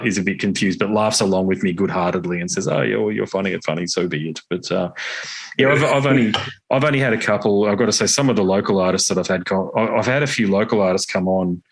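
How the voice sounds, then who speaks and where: A man speaks in a somewhat low voice as an interview guest. He tells long anecdotes in an easygoing, chatty way and laughs readily. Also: slightly rough. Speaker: podcast guest, guitarist and podcaster. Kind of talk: casual interview chat.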